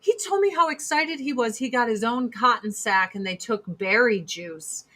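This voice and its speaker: A woman hosting a podcast, ranting in a casual, profane, heated way with sudden loud outbursts. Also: fairly high pitch, animated, moderate pace. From United States. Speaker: podcast host.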